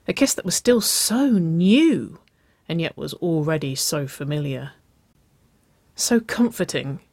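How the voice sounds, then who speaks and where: A reader narrating a romance story in a slow, soft, intimate way. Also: mid-range voice, no room sound. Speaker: audiobook reader.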